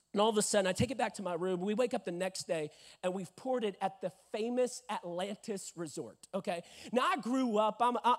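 A young man in his twenties preaching a sermon, telling a lively story and acting out voices, rising to shouts at the peaks. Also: high voice. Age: 20s.

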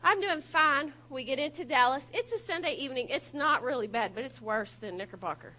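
Woman speaker, high bright voice, lively and self-mocking, faint hum behind. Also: fairly quick, low-quality recording. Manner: animated, laughing, self-mocking storyteller. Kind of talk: humorous sermon storytelling.

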